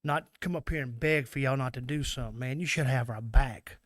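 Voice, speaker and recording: A man's voice: medium pitch, fairly quick, fairly bright tone, dry recording. A man from Mississippi with a Southern US accent, an oyster fisherman giving an angry, emotional public comment at a meeting.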